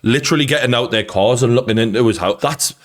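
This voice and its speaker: A man's voice: medium pitch, quick pace. A young man with a Geordie accent hosting a reaction commentary, talking in a blunt, sweary and indignant way. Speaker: commentary channel host.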